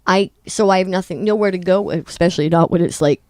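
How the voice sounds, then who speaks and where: A woman's voice: fairly low pitch, darkish tone, no room sound. Middle-aged woman rambling candidly on a talk show, laughs at herself, dry close mic. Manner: candid, self-deprecating, quick restarts. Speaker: podcast co-host. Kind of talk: casual chat.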